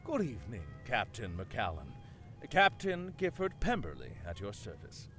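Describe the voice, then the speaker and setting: An actor playing a boastful, condescending older sea captain in a game. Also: male voice, fairly low pitch, huge pitch swings, moderate pace, pushed and bright, faint music behind, full character voice. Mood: pompous. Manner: pompous, condescending. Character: pompous boastful old male sea captain.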